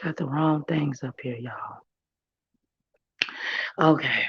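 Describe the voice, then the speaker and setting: A woman hosts a casual stream with a hoarse, husky voice that has nearly given out. She talks slowly and greets her viewers by name between thoughts. The sound is dry and a little muffled. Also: low-pitched, fairly bright tone, no echo. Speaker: livestream commentary host. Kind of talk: casual chat.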